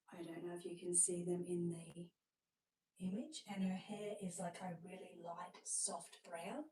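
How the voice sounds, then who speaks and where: A woman's voice: on the low side, darkish tone, rough recording. An Australian woman hosts a live sales showcase, gushing over each item as she talks. Her speech is chatty and loose, full of little fillers and restarts. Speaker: seller presenting reborn dolls.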